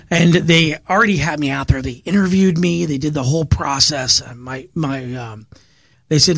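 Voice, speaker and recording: Gravelly middle-aged man telling stories eagerly. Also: mid-range voice, moderate pace, fairly bright tone, dry recording. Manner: earnest, eager storyteller who repeats words as he goes. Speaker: business owner and podcast guest. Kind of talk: storytelling in a podcast interview.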